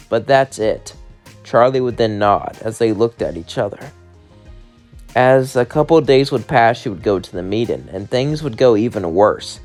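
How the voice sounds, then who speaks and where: A man's voice: mid-range voice, a little mellow. Rambling man narrating a fan story.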